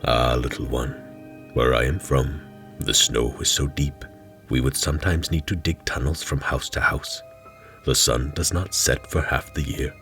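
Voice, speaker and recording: Man doing a hulking, calm old stranger with a lilt. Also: a bass voice. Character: huge, ragged, mysterious old male stranger.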